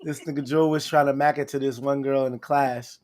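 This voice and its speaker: A man co-hosting a podcast, telling loud, laughing stories to friends and swearing freely. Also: medium pitch, steady tone, fairly quick. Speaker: podcast co-host. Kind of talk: casual chat with friends.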